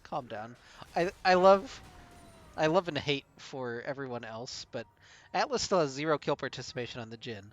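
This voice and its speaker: A man casting a live esports match play-by-play, brisk and chuckling often between calls. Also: medium pitch, animated. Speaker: play-by-play caster.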